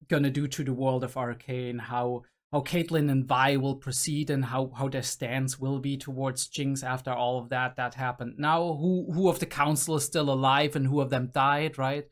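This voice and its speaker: A young adult man hosting a reaction video, musing aloud in a casual, rambling way with many fillers and restarts. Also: mid-range voice.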